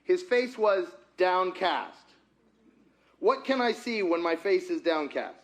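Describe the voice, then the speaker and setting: A man's voice: sits high, slow pace. A man preaching a conversational sermon as pastor, often putting questions to the congregation. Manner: asks the congregation frequent questions; conversational and animated. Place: church sanctuary.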